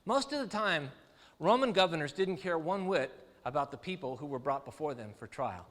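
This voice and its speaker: Bright-voiced preacher in a reverberant hall. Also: male voice, on the high side, normal speed. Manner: animated storytelling preacher, acts out quoted voices. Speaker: pastor. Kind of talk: sermon. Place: church sanctuary.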